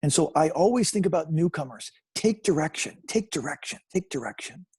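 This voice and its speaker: A man in his fifties, a guest on a video call, telling his recovery story in an animated way and repeating phrases for emphasis. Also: on the high side, brisk, breathy edge. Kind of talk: personal storytelling.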